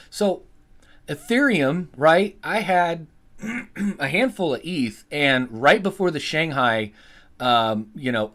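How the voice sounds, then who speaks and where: A man's voice: medium pitch, fairly bright tone. A man hosting a live stream, rambling casually, swearing freely and answering his chat. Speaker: livestream host.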